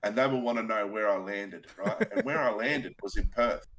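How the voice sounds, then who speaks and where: A man's voice: lowish voice, very animated, moderate pace, a bit bright. A man, co-hosting a casual recap podcast and mock-ranting in a bantering way. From South Africa. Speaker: podcast co-host. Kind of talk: casual chat.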